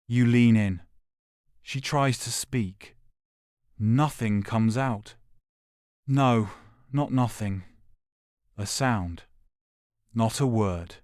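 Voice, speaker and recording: A man narrating a dark audio drama in a grave, measured voice. He speaks very slowly in short, clipped phrases. His voice sits at an ordinary pitch, close and dry with no room sound. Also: smooth, no room sound. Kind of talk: scripted second-person audio drama narration.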